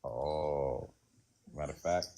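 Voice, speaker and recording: A man's voice: rumbling low, slow, creaky, dark tone. A man, bantering in a casual, provocative and flirty way on a livestream. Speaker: guest caller in a livestream debate.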